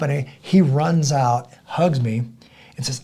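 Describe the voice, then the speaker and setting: Over crowd noise, a middle-aged podcast guest speaks in a slightly high voice at a somewhat slow pace. He tells his story with animation, often restarting and repeating words, and imitates the voices of other people.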